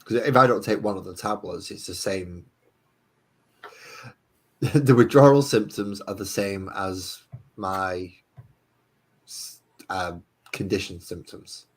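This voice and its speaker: A man's voice: deep voice, steady tone, takes it slowly, pauses often. A man hosting a live stream, rambling, swearing freely and joking at his own expense. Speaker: stream host. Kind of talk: casual live-stream chat.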